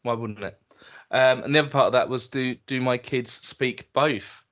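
A man's voice: medium pitch, moderate pace, a bit bright, lo-fi sound. A man co-hosting a podcast, chatting casually with a dry, teasing wit. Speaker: podcast co-host. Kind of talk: casual chat.

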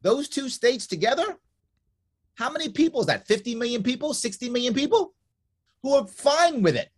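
A man's voice: very high-pitched, animated, moderate pace, slightly rough. A man talking as a guest in a casual conversation, emphatic and insistent, hammering his points home through repetition.

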